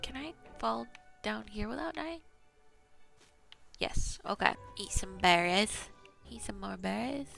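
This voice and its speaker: A woman's voice: mid-range voice, lively intonation, slow pace, creaky, pauses often, a bit bright, soft background music. A woman casually talking to herself as she plays a video game, chatty and self-mocking. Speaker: gaming channel host. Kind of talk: casual gameplay commentary.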